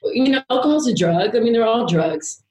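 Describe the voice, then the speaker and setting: Woman guest, mid-pitch, candid and rambling with easy swearing, roomy echoey room. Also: lively intonation, moderate pace, warm tone. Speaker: podcast guest. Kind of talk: casual storytelling chat.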